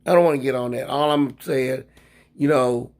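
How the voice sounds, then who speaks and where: A man hosting a casual livestream who drifts from topic to topic, gets heated, then trails off quietly. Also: mid-range voice, moderate pace. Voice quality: gravelly and very husky. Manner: rambling, drifts between topics. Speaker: livestream host.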